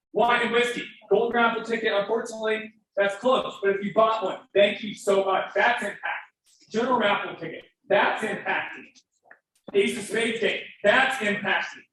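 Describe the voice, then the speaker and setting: A man's voice: high-pitched, fairly bright tone. A man giving a fervent, emphatic fundraising appeal to an audience at a live event. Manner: fervent, emphatic, breaks into emotion. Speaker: fundraiser speaker. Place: event hall. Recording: very echoey hall, distant, faint noise.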